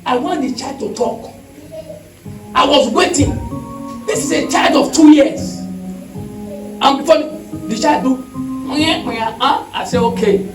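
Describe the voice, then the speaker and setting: A man's voice: extremely high pitch, slow, pauses often, echoey room, far from the mic, faint music behind, low-quality recording. A man preaching a testimony sermon, telling the story with emphasis and calling out hallelujahs.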